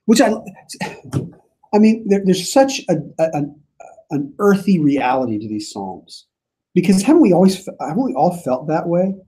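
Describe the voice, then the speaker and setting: A man teaching a small church Bible study, his voice mellow and a little husky. He talks in a casual, thinking-aloud way. When he reads scripture passages aloud, he gives them added emphasis. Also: sits high, sing-song, moderate pace. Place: church meeting room.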